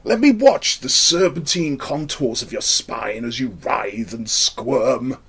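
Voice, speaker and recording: A man's voice: mid-range voice, expressive, slow, fairly bright tone, slightly rough, full character voice. Man doing a pompous older would-be poet. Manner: pompous, florid declaiming.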